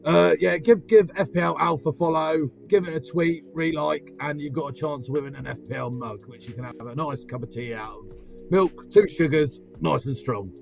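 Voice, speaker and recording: A man from Berkshire doing a gravelly, growling impression of a gruff football manager on a livestream. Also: on the high side, normal speed, soft background music.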